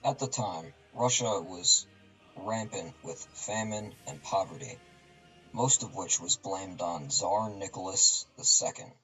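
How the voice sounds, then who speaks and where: A man reading a scripted narration as a student narrator, in a flat, even, low-leaning way. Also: a little slow, soft background music. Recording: distant mic, dull and lo-fi.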